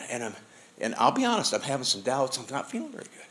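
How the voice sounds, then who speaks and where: A man's voice: medium pitch, wildly swooping pitch, quick pace, fairly bright tone, a little hiss or hum. A pastor preaching a sermon, asking the congregation rhetorical questions as he goes.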